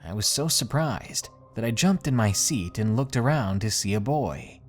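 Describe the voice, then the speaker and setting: A man reading out a creepy first-person story as a scripted narration, with an expressive storytelling delivery. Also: on the low side, moderate pace, soft background music.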